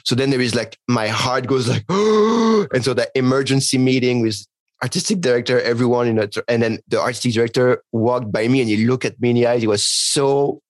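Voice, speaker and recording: A man, a trapeze performer, telling a story in relaxed chat. He's animated and slips into other people's voices, laughing now and then. His voice is mid-pitched and close, in a dry, dead room. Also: brisk, dry recording. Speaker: circus trapeze artist. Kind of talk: casual storytelling conversation.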